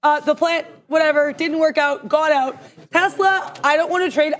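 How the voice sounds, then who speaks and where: A woman co-hosting a live trading stream, talking through her trades out loud in an emphatic, excitable way. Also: sits high, moderate pace. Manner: emphatic, excitable, talks to herself aloud. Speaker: day trader co-host.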